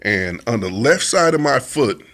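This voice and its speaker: A man recounts a personal testimony in relaxed, informal speech, his voice at an ordinary middle pitch. He tells it as a vivid story, acting out his own frustrated side of an inner argument. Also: a little slow. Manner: informal speech with dialect grammar. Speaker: testimony speaker.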